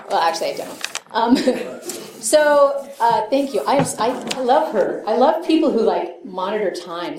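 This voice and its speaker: A woman's voice: mid-range voice, darkish tone. Profane, laughing woman speaker in a roomy hall. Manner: profane, self-mocking, laughs often, acts out quotes. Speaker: AA meeting speaker. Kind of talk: candid recovery talk. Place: meeting hall.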